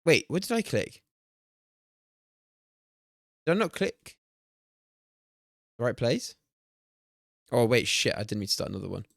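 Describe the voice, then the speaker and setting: Brief: young male streamer, excitable and sweary, animated delivery, dead-dry mic. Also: medium pitch, measured pace, gravelly, long pauses, no room sound. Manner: excitable, swears and laughs often, talks to chat. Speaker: streamer hosting a watch party. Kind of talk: casual live-stream chat while playing a guessing game.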